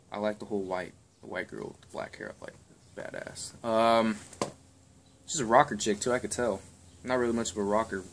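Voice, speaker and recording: A man's voice: medium pitch, a bit bright, slight background noise. A young man giving wrestling match predictions in a rambling, crude, offhand chat full of ums and swearing. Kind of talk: casual chat.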